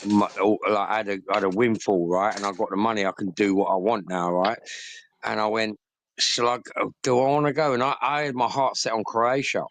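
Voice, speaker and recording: A middle-aged Englishman in a loose, rowdy chat, swearing freely as he tells his stories. His voice sits on the low side. The sound is dry, with almost no room on it. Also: a little fast, no room sound. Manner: boisterous, heavy swearing, storytelling. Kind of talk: casual chat.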